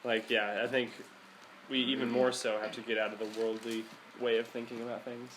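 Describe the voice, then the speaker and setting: A man's voice: medium pitch, little pitch movement, brisk, a bit bright, a little hiss or hum, rough recording. A young man co-hosting a podcast, chatting casually about faith and agreeing along. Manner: agreeable, chiming in with fillers. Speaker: podcast co-host.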